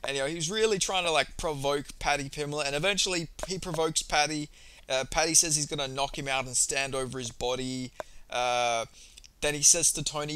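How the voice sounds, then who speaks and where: Bright, profane casual recap voice of a man. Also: a little high, a little fast, slight background noise, rough recording. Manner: profane, rambling, offhand. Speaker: MMA YouTuber.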